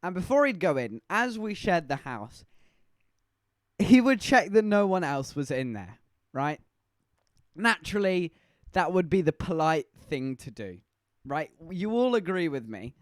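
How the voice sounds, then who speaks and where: A man telling a story to his live-stream chat, animated and laughing, teasing the viewers. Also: on the high side, unhurried, dry recording.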